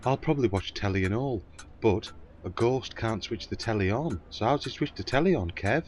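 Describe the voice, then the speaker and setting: A man's voice: on the low side, lively intonation. A man with a Northern English accent, teasing and quizzing a storyteller in comic banter. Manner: teasing, quick with questions.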